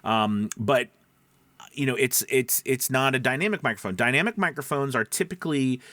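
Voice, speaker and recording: Guy teaching mic stuff, animated, rambly with lots of ums, close dry mic. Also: mid-range voice, moderate pace, no echo. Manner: animated, rambling with many fillers and restarts. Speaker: voice actor coach. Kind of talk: casual tutorial talk. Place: small home room, door open. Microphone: dynamic broadcast mic, close up.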